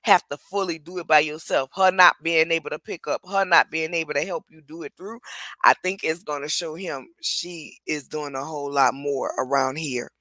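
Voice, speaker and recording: A woman's voice: low-pitched, fairly even intonation, normal speed, bright, forceful tone, no echo. A woman hosting a casual chat reviewing reality TV, talking bluntly and candidly at length.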